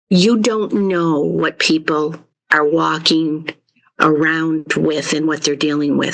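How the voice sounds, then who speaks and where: A woman author, a podcast guest, telling family stories in a reflective way and quoting her father with lively bursts. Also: sits low, a little slow, creaky. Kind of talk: storytelling in a podcast interview.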